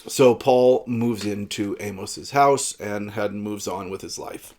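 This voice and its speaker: Guy chatting about a book, lowish voice, laid back and rambly, lots of uhs. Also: measured pace, hardly any pauses. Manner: relaxed, rambling with frequent uhs. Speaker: book reviewer. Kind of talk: casual book talk.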